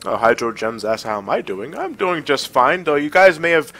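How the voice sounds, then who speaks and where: Congested from a cold, this man streams a game and chats casually, laughing a lot and reading viewers' messages aloud. He speaks at a normal speed in an animated, medium-pitched voice with a sharp tone, while faint music plays behind the low-quality audio.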